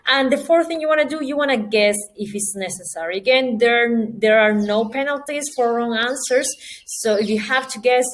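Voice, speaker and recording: Woman, test-prep teacher, fairly high voice, quick explaining lecture. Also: low-quality recording. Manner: talks fast with restarts, steady explaining tone. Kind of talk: lecture presentation.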